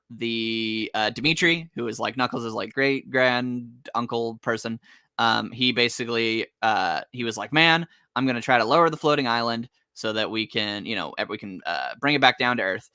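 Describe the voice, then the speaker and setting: A young man recaps a comic in a rambling, sarcastic flow, dropping into quick acted asides along the way. His voice sits at an ordinary male pitch but has a bright, forward edge. It is recorded close and dry. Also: smooth, no room sound. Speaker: podcast co-host. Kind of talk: casual comic recap chat.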